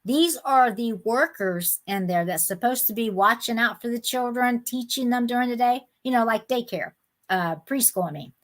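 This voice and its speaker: A woman's voice: a little high, normal speed. Chatty woman live-streaming. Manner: chatty, indignant, talks straight to viewers by name. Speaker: live-sale host. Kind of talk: casual live-stream chat.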